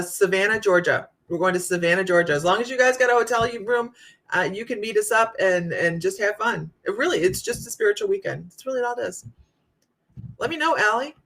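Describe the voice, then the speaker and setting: A woman psychic medium hosting a casual live chat, telling stories to her viewers in a chatty, animated way. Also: mid-range voice. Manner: chatty storytelling, Southern US "y'all".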